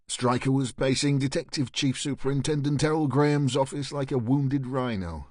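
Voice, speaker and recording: A man reads a crime audiobook in a steady, measured manner. His voice is mid-range, and the scripted narration has clean studio sound with no room sound.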